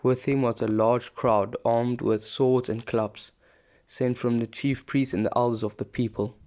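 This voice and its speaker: A man reading a scripture passage aloud, steady and plain, with the odd small slip and restart. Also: mid-range voice, a little slow. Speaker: scripture reader.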